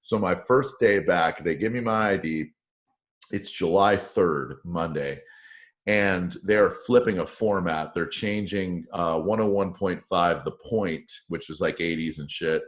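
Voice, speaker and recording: Man, radio morning host, very low voice, profane and jokey storyteller, casual interview chat. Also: unhurried. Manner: profane, joking, animated storyteller.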